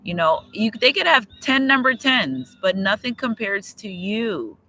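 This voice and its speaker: A man with a high, bright voice talking through a casual card reading. His delivery is chatty and looping, full of repeated phrases and bits of emotion, with faint outdoor ambience behind him. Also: very animated, measured pace, a little hiss or hum, rough recording. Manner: chatty, repetitive, breaks into sung lyrics, gets emotional. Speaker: tarot reader. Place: outdoors near trees and a road.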